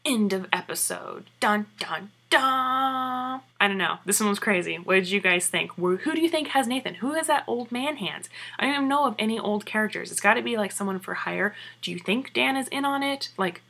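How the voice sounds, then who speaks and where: A woman giving a chatty, excited recap of a TV episode and asking her viewers questions. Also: medium pitch, a little fast, vocal fry, few pauses, breathy edge.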